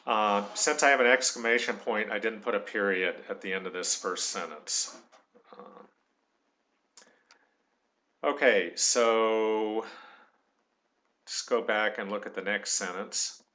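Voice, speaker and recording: A man's voice: fairly low pitch, slow pace, long pauses, pushed and bright, slight background noise. A man giving a recorded tutorial, thinking aloud as he works and dictating punctuation marks. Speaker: tutorial instructor.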